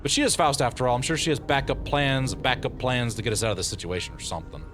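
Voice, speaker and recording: A male streamer giving live game commentary, playful and quick to laugh, with lots of exclamations. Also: medium pitch, over music.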